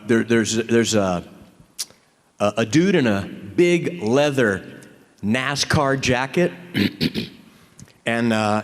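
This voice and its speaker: A man on a convention panel, telling a profane, animated story with many restarts. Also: medium pitch. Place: large convention hall. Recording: reverberant hall.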